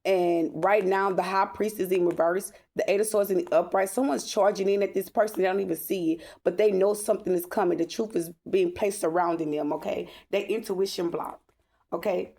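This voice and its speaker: A woman's voice: medium pitch, fairly even intonation, a little fast, vocal fry, warm tone. A woman reading tarot cards in a spiritual vlog, talking bluntly and emphatically, swearing freely and asking "okay?" over and over. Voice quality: emphatic, repeats "okay?" often. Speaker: tarot reader.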